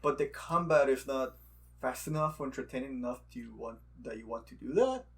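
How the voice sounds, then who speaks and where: A man co-hosting a casual gaming podcast, relaxed and quick to laugh, who grew up outside the United States. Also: mid-range voice. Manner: laid-back, laughs often, repeats jokes. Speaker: podcast co-host. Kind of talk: casual chat.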